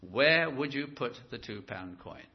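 A man preaching a sermon in a church, animated and stretching key words for emphasis. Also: mid-range voice, measured pace, highs cut off.

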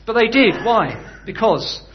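A man's voice: sits high, big pitch swings, slow, dull audio, a little hiss or hum. A man preaching a sermon in a conversational way, often putting rhetorical questions to his listeners.

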